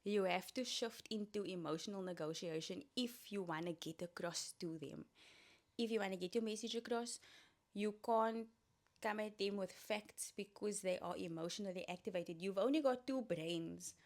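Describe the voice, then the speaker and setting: A woman's voice: mid-range voice, moderate pace. A woman hosting a solo podcast, giving casual, coaching talk with playful asides. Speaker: podcast host.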